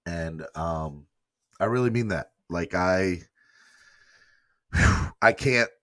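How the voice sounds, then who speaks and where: A man's voice: low-pitched, very slow, fairly bright tone, dry recording, studio quality. A man hosting a live fan morning show, talking emotionally and rambling as he thanks viewers and reads their comments aloud. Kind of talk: casual live-stream chat.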